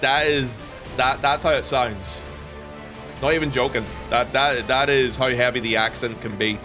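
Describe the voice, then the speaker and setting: A young man from Northern Ireland with a softened Northern Irish accent, chatting and joking casually with his stream viewers. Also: mid-range voice, fairly even intonation, moderate pace, music in the background.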